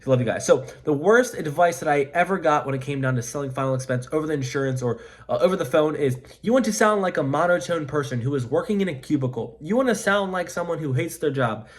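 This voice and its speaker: A man's voice: a little high, lively intonation, quick pace, few pauses. A man coaching life insurance sales in an emphatic, repetitive pep-talk to camera. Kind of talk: motivational coaching monologue to camera.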